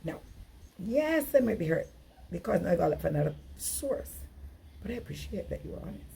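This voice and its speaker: A woman's voice: on the low side, sing-song, fairly quick, vocal fry, mellow, a little hiss or hum. A middle-aged woman giving an earnest, emphatic relationship workshop talk, often acting out dialogue. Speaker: relationship coach.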